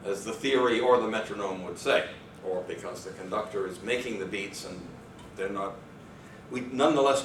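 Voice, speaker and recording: A man's voice: on the low side, fairly bright tone. A man giving an academic lecture, talking in a discursive way with fillers and self-corrections. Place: lecture room. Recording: echoey room, far mic, faint noise.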